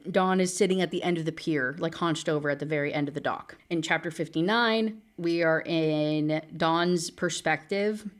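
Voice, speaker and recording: A woman's voice: low-pitched, normal speed, hardly any pauses. A woman giving a casual ranting book review, exasperated and sarcastic, with laughing asides.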